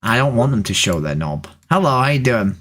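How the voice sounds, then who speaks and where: A woman's voice: very deep voice, very animated, fairly quick, slightly rough. A trans woman hosting a video chat stream, joking and teasing strangers in casual talk. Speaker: livestream host chatting with strangers. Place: home room, seated at camera.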